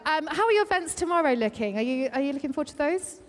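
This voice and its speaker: A high-pitched woman reporter chats with athletes in a bubbly, teasing manner. Her voice rings out with the long reverb of a big indoor arena. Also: animated, quick pace. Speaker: trackside reporter. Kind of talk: sports interview.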